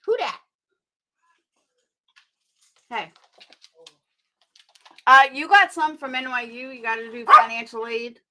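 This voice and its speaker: A woman's voice: sits high, unhurried, pauses often, bright, forceful tone, a little hiss or hum. A woman hosting a casual live stream, talking bluntly, swearing freely and rambling as she vents to her viewers. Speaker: livestream host.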